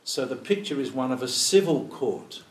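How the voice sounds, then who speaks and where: A man's voice: medium pitch, animated, normal speed. A man leading an informal Bible study. He thinks aloud, poses rhetorical questions and acts out quoted prayers. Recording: roomy, distant mic, faint room ambience.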